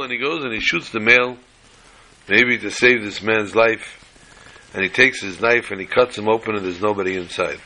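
A man's voice: lowish voice, bright, forceful tone, rough recording. A man telling folksy stories and jokes in a casual way, dropping Yiddish and Hebrew phrases and acting out the dialogue. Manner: acts out dialogue with quick quoted voices. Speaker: storyteller. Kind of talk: casual storytelling talk.

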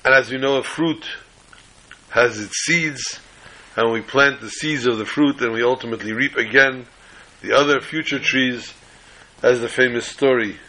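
A man teaching a class over a video call, telling a story slowly and adding corny jokes. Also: medium pitch, pushed and bright, poor audio.

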